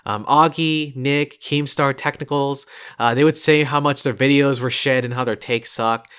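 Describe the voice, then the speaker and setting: A man's voice: mid-range voice, steady tone, normal speed, a bit bright, clear, resonant tone. A man hosting a podcast in casual chat, mocking and laughing often. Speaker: podcast host.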